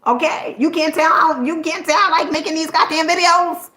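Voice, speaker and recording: A woman's voice: extremely high pitch, fairly even intonation, moderate pace, pushed and bright, echoey room, rough recording. A woman content creator giving an emphatic, preachy motivational talk to her viewers. She keeps checking in with "okay?" and swears casually.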